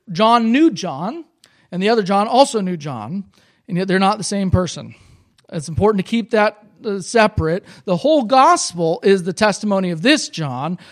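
High-voiced man preaching a sermon. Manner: conversational, explanatory, repeats points for emphasis. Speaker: pastor. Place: church service.

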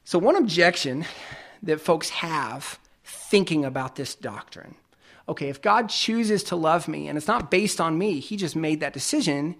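Man preaching a lively conversational sermon. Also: fairly high pitch, measured pace, vocal fry. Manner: conversational preaching with everyday examples. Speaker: pastor.

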